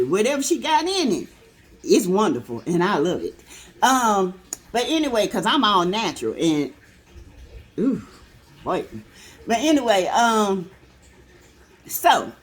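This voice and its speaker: A woman hosting a casual gossip recap of a reality show, chatty and sassy, with lots of fillers. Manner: chatty, sassy, filler-heavy, laughs, swoops up high when excited. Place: in her car.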